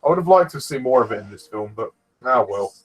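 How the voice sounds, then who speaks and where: A man talks loosely over a film as a fan commentator, his voice soft and breathy at the edges. He rambles, trails off and laughs easily as he goes. His pitch sits at an ordinary middle level. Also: lively intonation, fast, rough recording. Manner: easygoing, rambling, many fillers. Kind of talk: casual film commentary chat.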